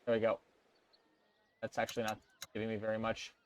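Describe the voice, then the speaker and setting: A man's voice: on the low side, completely flat delivery, brisk, slight background noise. A male gamer reading game text aloud and thinking aloud in casual gameplay commentary. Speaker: let's play gamer.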